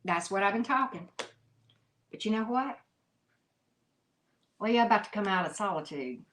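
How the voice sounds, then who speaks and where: A woman's voice: mid-range voice, animated, normal speed. A woman giving a live tarot reading, talking emphatically and chattily to her viewers, with frequent "mm-hmm" asides. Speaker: tarot reader.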